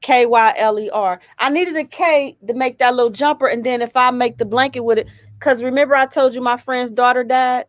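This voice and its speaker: A woman's voice: on the high side, fairly even intonation, brisk, no room sound, studio quality. A woman co-hosting a casual live chat, making short, direct requests. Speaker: co-host.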